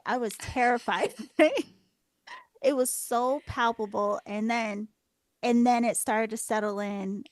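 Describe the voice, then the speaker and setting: A female podcast host with a medium-pitched voice tells a story in casual conversation, acting out her own reactions. There's no echo.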